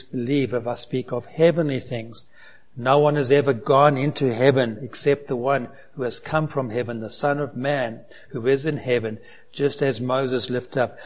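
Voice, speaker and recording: A man's voice: medium pitch, darkish tone, highs cut off. A man preaching a sermon, asking the congregation rhetorical questions and reading aloud from scripture. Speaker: pastor.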